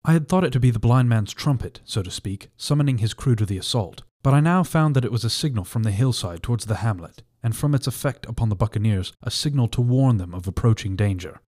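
A man narrating a classic adventure novel as an audiobook reader, in a measured, steady way. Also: mid-range voice. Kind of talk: scripted narration.

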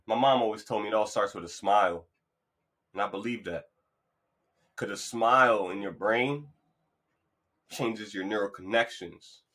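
A man's voice: on the low side, bright, forceful tone. A man hosting his own podcast, talking in a loose, rambling, motivational way. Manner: playful, hypes up an imagined crowd. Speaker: podcast host. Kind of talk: casual solo monologue.

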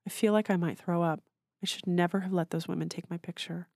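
A miserable young woman who speaks small and subdued, read by a woman. Her voice is low and quiet, without flourish. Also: fairly even intonation, fast talker, vocal fry, no echo, studio quality.

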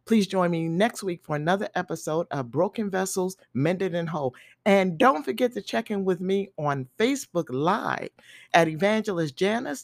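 A woman evangelist delivering a measured, emphatic sermon and closing her podcast episode as host. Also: fairly low pitch, dry recording. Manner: measured, emphatic preaching that stresses key words. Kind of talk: recorded sermon with podcast sign-off.

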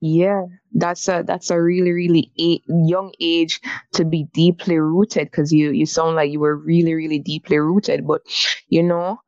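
Woman interviewer, gentle and hesitant, lowish voice, muffled lo-fi sound. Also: flat delivery, a little slow, dry recording. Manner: gentle, hesitant, many restarts in questions. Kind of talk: faith interview, conversational. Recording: dry, dull lo-fi sound.

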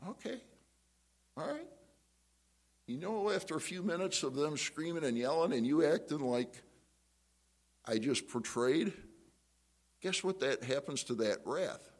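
A middle-aged man preaching a sermon, telling a story and acting out the voices in it with big jumps up in pitch. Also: measured pace. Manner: animated storytelling, jumps high to act out quotes. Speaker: pastor. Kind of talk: sermon with acted-out anecdote.

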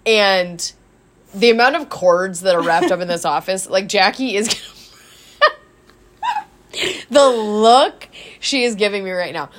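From a small office, a woman who co-hosts a podcast as a gym coach tells stories in a casual, laughing, animated way. Her medium-pitched voice moves a little slowly, with frequent pauses, in what is a relaxed chat.

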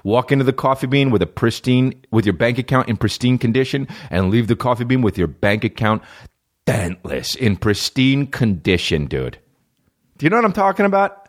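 A young man hosting a comedy podcast, ranting profanely, jumping between loud high bursts and low mumbled asides. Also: animated, a little fast. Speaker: podcast host. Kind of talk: solo comedic podcast rant.

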